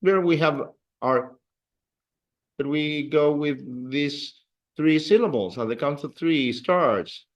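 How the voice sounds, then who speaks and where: A man's voice: on the high side, takes it slowly, highs cut off. A man teaching a beginner Spanish class, patiently repeating words and phrases for his learners. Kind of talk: beginner language lesson.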